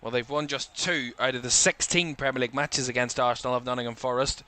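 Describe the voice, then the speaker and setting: A man calls a football match live for a watchalong stream. He rattles off player names in clipped bursts and lifts his voice as attacks build. His tone is bright and his voice crisp and clean, a little tired. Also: medium pitch, steady tone, quick pace. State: tired, yawning. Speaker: football commentator.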